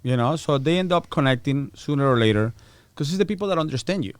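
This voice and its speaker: A man's voice: on the high side, lively intonation, quick pace, clear, resonant tone, no echo. A man in a casual podcast chat, telling blunt anecdotes and swearing freely. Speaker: podcast guest, former prisoner.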